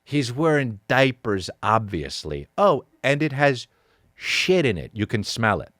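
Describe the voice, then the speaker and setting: A man's voice: medium pitch, big pitch swings, unhurried, a bit bright, dry recording, clean studio sound. A middle-aged man hosting a podcast, telling a comic story with profane, exaggerated delivery. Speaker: podcast host.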